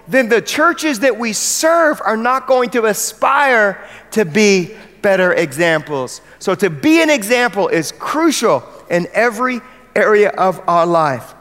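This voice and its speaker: A high-pitched American man preaches to fellow church leaders in an earnest, emphatic way, often putting questions to the room. His voice rings out with a long echo through a large hall. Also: fairly bright tone. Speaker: pastor addressing church leaders. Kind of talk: sermon.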